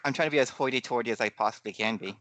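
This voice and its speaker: A man playing a tabletop game in casual chat, upbeat and quick to laugh. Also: medium pitch, fairly bright tone, no room sound. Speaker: player.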